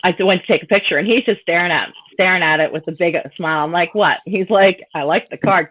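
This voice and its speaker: A woman's voice: on the low side, brisk. A woman guest in a casual chat, telling stories about her son and laughing easily. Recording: dull dry line.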